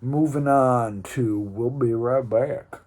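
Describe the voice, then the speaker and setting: A man's voice: mid-range voice, takes it slowly, a little mellow. A man hosting a weekly game league round-up in casual, joking commentary, rambling with filler ums.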